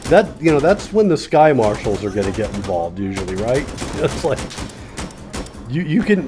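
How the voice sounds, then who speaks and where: A man of middle pitch talks through a shooting game in a loose, sardonic ramble, full of fillers, restarts and asides. Faint gunfire and game noise sit low behind his voice. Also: a little mellow. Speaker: gaming video host. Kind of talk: casual commentary while playing a shooter.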